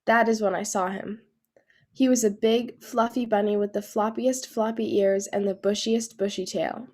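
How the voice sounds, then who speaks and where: A woman reading a children's storybook aloud at a church service, light and gentle. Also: medium pitch, steady tone, normal speed.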